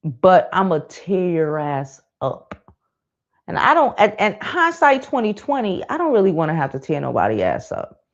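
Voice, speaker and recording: A woman's voice: on the low side, wildly swooping pitch, normal speed. Blunt, profane woman venting on a stream. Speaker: livestream host. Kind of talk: casual live-stream rant. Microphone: streaming mic. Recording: dull lo-fi stream audio.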